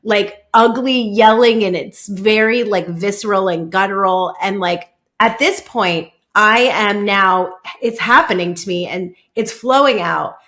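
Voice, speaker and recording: Woman hosting, halting, full of "like". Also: mid-range voice, a bit bright. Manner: halting, heavy use of "like", many restarts. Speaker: podcast host. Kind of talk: casual personal storytelling.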